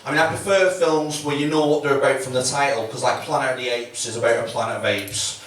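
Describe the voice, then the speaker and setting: A man's voice: medium pitch, fast, a bit bright. A man doing a chatty, swearing stand-up set, often acting out quotes. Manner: chatty, swearing, self-mocking, acts out quotes. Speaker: stand-up comedian. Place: comedy club stage. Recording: echoey room, mic from a distance, faint noise.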